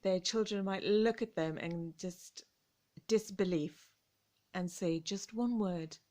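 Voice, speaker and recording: An English woman gives a vocabulary lesson at a very unhurried pace, stretching out and relishing each word. Her voice sits at an ordinary middle pitch, and she slips into little acted examples to bring the meaning to life. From England. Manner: expressive, savoring words, acting out examples. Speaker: English teacher and vocal coach. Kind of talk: slow, deliberate language lesson.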